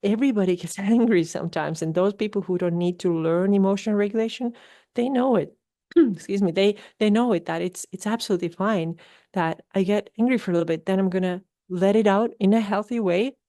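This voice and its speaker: A woman's voice: mid-range voice, a little fast, mellow, no echo, studio quality. A woman hosting a podcast, coaching listeners and often tagging her points with "right?". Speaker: podcast host. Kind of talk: solo podcast talk.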